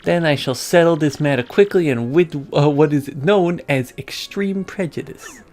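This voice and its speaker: A woman voicing a gruff, menacing middle-aged male mob boss in a video game, with slangy tough-guy talk and drawling pauses. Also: low voice, a little mellow, voice pushed up, natural voice.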